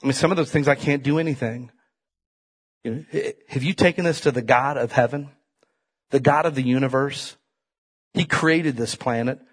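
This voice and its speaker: A middle-aged male pastor preaching a folksy sermon, dropping to quiet asides and rising to loud, emphatic peaks. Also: medium pitch, moderate pace, pauses often, husky.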